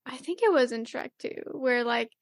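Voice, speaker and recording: A woman co-hosting a podcast, recapping an anime episode in casual chat, rambling with lots of fillers and quick acted-out quotes. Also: high voice, lively intonation, dry recording, clean studio sound. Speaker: podcast co-host.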